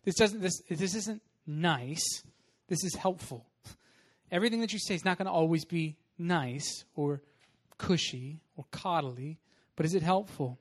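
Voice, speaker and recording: Young male pastor, slightly high voice, casual and animated sermon delivery. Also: unhurried. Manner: casual, animated storytelling with laughs.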